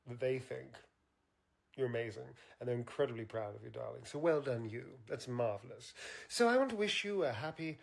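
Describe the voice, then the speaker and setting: A man's voice: medium pitch, creaky, darkish tone. An actor playing a teasing, flirtatious vampire elf man, speaking in an arch, theatrical drawl. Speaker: voice actor's recorded birthday cameo.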